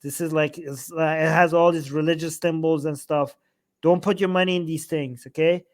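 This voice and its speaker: A man giving casual, animated reaction commentary while translating a video, often exclaiming and mimicking the lines he quotes. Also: fairly high pitch, moderate pace.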